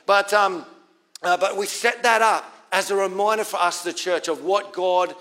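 A man's voice: high voice, steady tone, normal speed, sharp tone. A man with an Australian accent preaching a sermon as pastor, in a conversational way, repeating key lines for emphasis.

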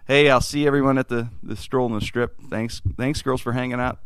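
A man hosting a podcast and telling a story in casual chat, animated and rambling. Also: mid-range voice, a little fast, smooth, no echo. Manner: animated, rambling, acts out voices in stories. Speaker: podcast host.

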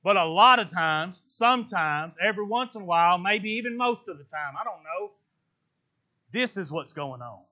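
A male preacher giving an emphatic sermon in an unusually high, bright voice. He talks in plain colloquial speech and moves between loud exclamations and low, earnest stretches. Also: animated, normal speed.

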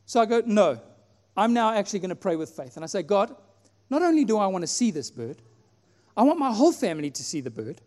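A man from South Africa preaching a sermon in a church, telling a personal story and acting out his own prayers with animated delivery. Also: sits high, fast. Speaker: pastor. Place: church hall. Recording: long hall reverb, faint music.

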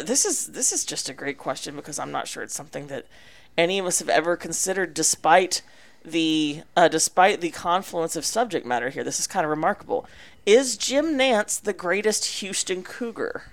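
A lower-pitched woman co-hosting a podcast, chatting casually. She reads listener questions aloud and rambles with enthusiasm, restarting her sentences. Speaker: podcast co-host. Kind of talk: casual chat.

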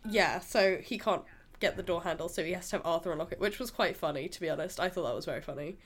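A woman's voice: on the low side, fast. Girl rambling about a movie on a podcast, giggly, says um a lot. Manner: chatty, giggly, lots of fillers. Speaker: podcast co-host. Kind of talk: casual film review chat.

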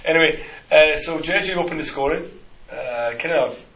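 A man's voice: a little high, normal speed, sharp tone. A man co-hosting a casual football podcast, rambling with many restarts and fillers. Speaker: podcast co-host. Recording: roomy, slightly dull, faint hiss.

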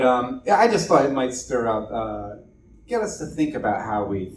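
Man, pastor type, casual rambling delivery; distant mic, roomy echo. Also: mid-range voice. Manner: loose and chatty, many fillers and asides. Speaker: pastor leading a church meeting. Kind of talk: casual evening talk to a congregation. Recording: echoey room, distant mic, faint noise.

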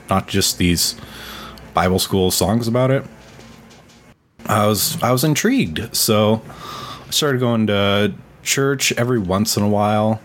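A man's voice: lowish voice, a little hiss or hum. A man in his thirties telling a personal faith story in casual talk, earnest and full of fillers. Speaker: podcast co-host.

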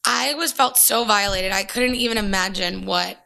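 A woman's voice: medium pitch, normal speed, vocal fry, bright, forceful tone. A young woman telling a story in casual chat, acting out the voices of the people she quotes.

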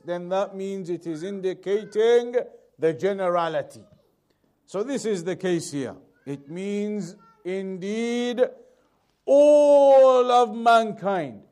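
High-voiced man teaching scripture. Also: darkish tone. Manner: repeats key points, reads Arabic quickly then translates slowly. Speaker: Islamic teacher. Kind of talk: explaining Quran commentary.

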